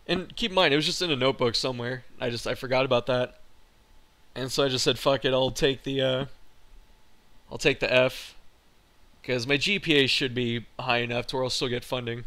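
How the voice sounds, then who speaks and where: A man's voice: mid-range voice, steady tone, a little fast, sharp tone. A young man, a college student, telling a frustrated and profane story in a casual vlog. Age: young adult. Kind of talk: casual venting monologue.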